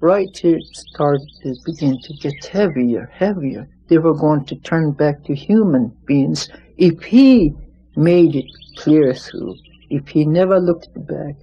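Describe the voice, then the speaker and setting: A storyteller telling a traditional legend in a slow, plain, unhurried way. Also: mid-range voice, expressive, mellow, slightly rough, dull audio.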